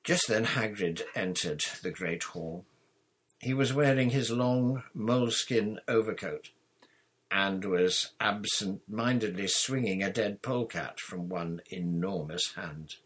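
A man reading a story aloud in steady, even audiobook narration. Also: on the low side, slow pace, breathy edge. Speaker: reader.

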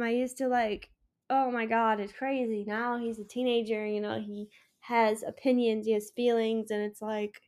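A woman's voice: on the high side, flat delivery, a little slow, a little mellow. A young woman hosting a casual solo podcast, chatting in a rambling way with lots of filler words, tired and yawning. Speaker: podcast host and small business owner.

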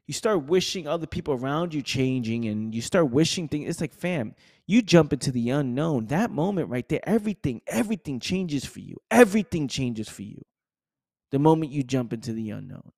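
A man's voice: fairly high pitch, animated, brisk, gravelly, a little mellow, no echo, clean studio sound. A man hosting a podcast, giving a passionate motivational monologue full of slang and repetition. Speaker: podcast host.

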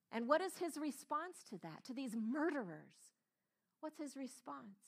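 A woman's voice: high voice, expressive, moderate pace, fairly bright tone. A woman preaching a sermon, emphatic and earnest, repeating key phrases and stretching words for weight. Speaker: pastor, speaker.

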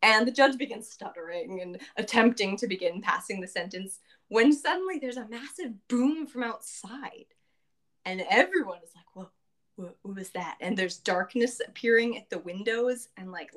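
A woman casually recapping a tabletop game session, chatty and quick to laugh, acting out quotes in a lifted voice. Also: lively intonation, fairly bright tone. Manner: chatty, laughs often, acts out quotes in a higher voice.

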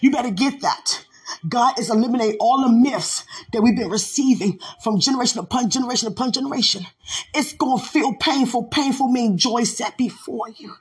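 A woman preaching a fervent sermon, declaiming in repeated refrains and at times shouting. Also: on the high side, fairly quick, breathy edge. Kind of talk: fervent sermon over music.

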